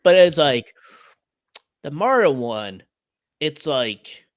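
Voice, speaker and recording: An excitable man from Ireland chatting casually with friends on a podcast. His speech swings widely in pitch, sits a bit high for a man, and is recorded close and dry. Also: slow, no room sound. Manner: animated, full of filler and quoted voices. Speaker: podcast panelist. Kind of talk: casual chat.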